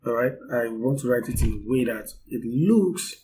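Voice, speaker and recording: Brief: male tutor talking through a coding lesson off the cuff, warm and mellow tone, faint room ambience behind. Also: medium pitch, lively intonation, normal speed, slight background noise, poor audio. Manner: unscripted, explaining step by step with fillers. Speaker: coding instructor. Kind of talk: screen-recorded coding tutorial.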